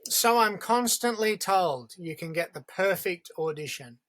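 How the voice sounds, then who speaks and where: A man, an actor giving measured, emphatic opinions in a casual roundtable chat. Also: high voice, lively intonation, a crowd in the background.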